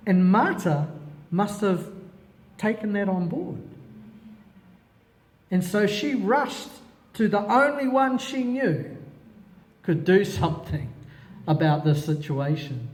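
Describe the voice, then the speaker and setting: High-voiced man teaching with long reverb. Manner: animated, exclaims and asks himself questions, drops Hebrew words. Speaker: teacher leading a Bible study. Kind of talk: expository Bible teaching.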